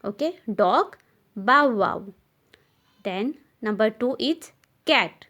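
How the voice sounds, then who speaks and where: Slow-spelling Indian English woman teacher. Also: a little high, animated, bright, forceful tone. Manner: spells words letter by letter and repeats them. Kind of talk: slow classroom recitation for young children.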